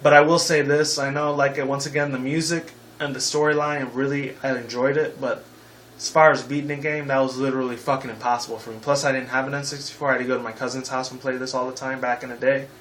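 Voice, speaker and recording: A man's voice: medium pitch, level tone, fast talker, fairly bright tone, a little hiss or hum, poor audio. A man in his twenties hosting a casual game-review video, rambling and heated, with frequent swearing. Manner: casual sign-off slang. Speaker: gaming video host.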